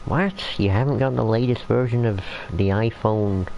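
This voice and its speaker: A man's voice: lowish voice, moderate pace, vocal fry. Man putting on a fake american accent, snooty phone snob, muffled lo-fi sound. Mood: mocking. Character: snobbish male phone fan, mocking. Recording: muffled lo-fi, faint hiss.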